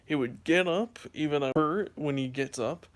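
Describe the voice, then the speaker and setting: Young male vlogger, tired, higher-pitched, rambling casual storyteller. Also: moderate pace. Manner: rambling, many fillers and restarts. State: sleepy.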